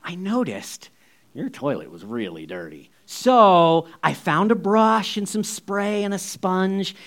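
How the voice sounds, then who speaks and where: A man's voice: high-pitched, steady tone, slow pace, creaky, a bit bright, clean tone, heavily acted. A man voicing an older queen who is blunt and bossy, in a casual, matter-of-fact way with no accent put on.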